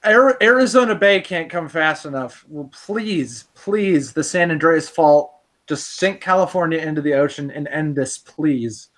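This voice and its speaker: A woman's voice: sits low, lively intonation, measured pace, hardly any pauses. A woman co-hosting a podcast, ranting angrily and profanely in casual commentary. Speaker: podcast co-host.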